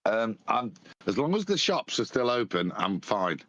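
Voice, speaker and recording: A man hosting a casual live stream, calm, dry and teasing. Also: fairly low pitch, normal speed, no room sound, dull audio.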